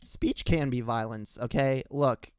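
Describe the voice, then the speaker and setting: A man's voice: medium pitch, a little slow, smooth, no echo. A man giving a heated, profane political rant, full of stammered restarts. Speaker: political commentator. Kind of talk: casual ranting commentary.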